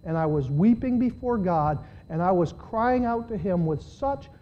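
Guy preaching a sermon, fired up then quiet, kinda muffled lo-fi recording. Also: sits high, lively intonation, moderate pace, a little hiss or hum. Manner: impassioned, swings between loud pleading and quiet asides. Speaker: pastor.

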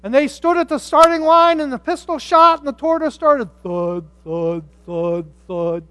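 A pastor preaching a sermon, telling stories with humorous asides and swinging from quiet reflection to loud emphasis. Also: high-pitched, normal speed, dry recording. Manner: animated storytelling with humorous asides.

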